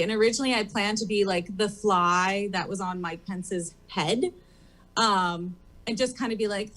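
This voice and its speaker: On a comedy theater stage, a woman who performs drag rambles through a relaxed talk show interview, peppering everything with "like" and "um." Her mid-range voice is fairly bright and moves at a moderate pace.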